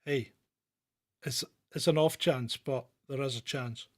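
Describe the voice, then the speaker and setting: A man's voice: medium pitch, a little slow. A man hosting a live political show, chatting casually with many fillers and restarts.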